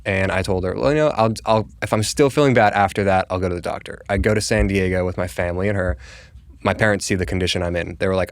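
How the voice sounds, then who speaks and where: A man's voice: deep voice, fast talker, dry recording, studio quality. A young man from Colorado, a podcast guest, telling a long personal story in casual chat, full of "like" and acted-out quotes. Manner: conversational, full of "like", acts out quoted dialogue. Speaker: podcast guest, real estate agent.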